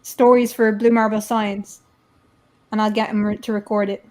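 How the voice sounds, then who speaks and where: A woman's voice: medium pitch, flat delivery, normal speed, darkish tone. A woman with a Dublin Irish accent, hosting a casual chat and often stammering and repeating herself. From Ireland. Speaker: host.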